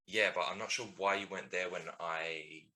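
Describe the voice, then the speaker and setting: Deep-voiced man telling a rambling story. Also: steady tone, moderate pace, pushed and bright. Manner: rambling, laughing, full of ums. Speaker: podcast co-host. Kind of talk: casual storytelling chat.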